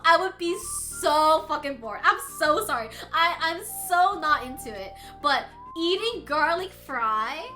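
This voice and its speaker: Lively bright-voiced young woman streamer. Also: high voice. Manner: chatty, laughs often, swears casually. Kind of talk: casual chat with viewers.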